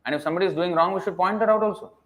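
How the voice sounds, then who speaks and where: A man's voice: sits high, racing, a bit bright. A man giving a scripture lecture as a preacher, emphatic and scolding, firing rhetorical questions and dropping to a mutter at phrase ends.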